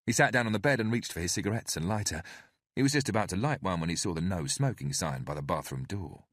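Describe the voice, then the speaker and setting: Deep husky male audiobook narrator. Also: expressive, fast, a bit bright, dry recording, studio quality. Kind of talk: scripted narration.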